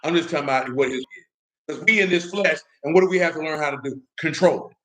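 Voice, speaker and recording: Young male preacher with a slightly raised pitch, street-casual delivery, riffing stories into scripture. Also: quick pace, pushed and bright, low-quality recording. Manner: street-casual, asks "you know what I'm talking about?". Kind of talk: casual sermon with storytelling.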